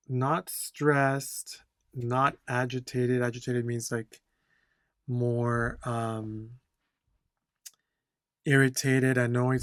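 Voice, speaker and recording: A male instructor explains test answers, repeating key words and reading the dialogue lines aloud. His mid-range voice has a fairly bright tone, captured in a dry, clean studio recording.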